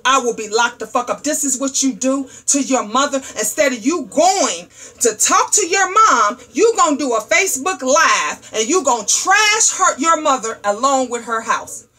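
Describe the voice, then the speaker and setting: A middle-aged woman hosting a livestream talk show, ranting in a loud, profane, sassy storytelling way. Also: high-pitched, animated, normal speed. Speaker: host.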